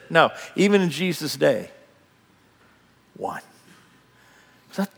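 A man preaching a sermon in a dramatic, animated way, acting out the scene as he goes. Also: high-pitched, a little slow, creaky, long pauses, long reverb tail. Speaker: pastor.

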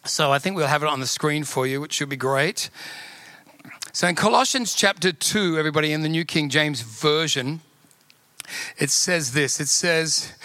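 A man preaches a sermon in a high, piercingly bright voice. He presses his point again and again, calling on the congregation. The sound is close and dry. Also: moderate pace, no echo. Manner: emphatic, repetitive exhortation to the congregation. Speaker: pastor.

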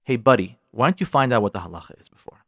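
A man's voice: mid-range voice, lively intonation, very fast, fairly bright tone, dry recording, clean studio sound. A man hosting a radio advice show, talking frankly and getting worked up as he addresses listeners directly. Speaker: radio show host giving marriage advice. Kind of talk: animated advice talk.

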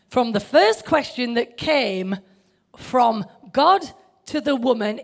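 A woman's voice: on the high side, vocal fry. A middle-aged woman preaching a sermon in a conversational way, asking the listeners questions.

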